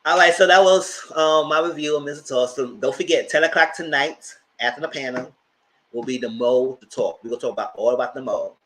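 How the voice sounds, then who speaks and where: A man hosting a live TV review, chatting casually in a blunt, slangy, animated way. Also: mid-range voice, brisk, slight background noise, poor audio. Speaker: host of a TV review channel.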